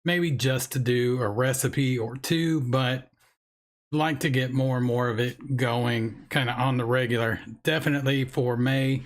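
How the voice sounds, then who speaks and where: A man with a hoarse, froggy voice hosts a live stream, pitched right in the middle for a man. He talks in a loose, rambling, casual way, drifting from one thought to the next. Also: steady tone, a little slow. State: hoarse, frog in throat.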